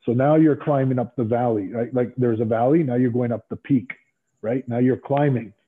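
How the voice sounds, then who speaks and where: A middle-aged man telling stories as an interview guest, animated and acting out other people's lines. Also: medium pitch, normal speed, slight background noise. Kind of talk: casual storytelling interview. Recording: tinny phone-like line.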